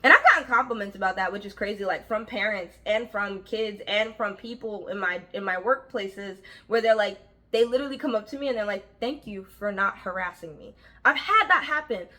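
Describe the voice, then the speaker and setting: A young woman casually telling a story from her job, animated and frank, acting out the voices of the people in it. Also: mid-range voice, fairly quick. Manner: frank, uses slang and swearing. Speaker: vlogger telling a work story.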